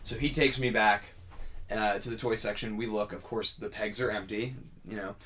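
A man's voice: fairly low pitch, moderate pace. A man co-hosting a podcast, casually telling a long story and acting out the other people's lines. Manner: animated storyteller acting out dialogue. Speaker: podcast co-host.

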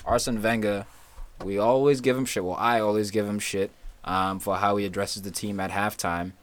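A man co-hosting a casual soccer podcast, talking excitedly and sarcastically and swearing freely. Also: on the low side, normal speed. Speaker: podcast co-host. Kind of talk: casual chat.

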